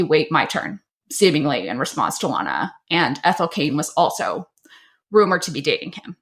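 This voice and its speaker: Giggly, low-voiced young woman co-host. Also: fairly bright tone. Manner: giggly, teasing, laughs often. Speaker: podcast co-host. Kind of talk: casual comedic chat.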